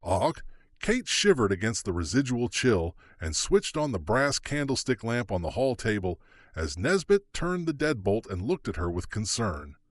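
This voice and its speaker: A man's voice: lowish voice, sing-song, moderate pace, no echo. A man narrating an audiobook thriller dramatically, his pacing shifting with the action. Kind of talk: scripted narration.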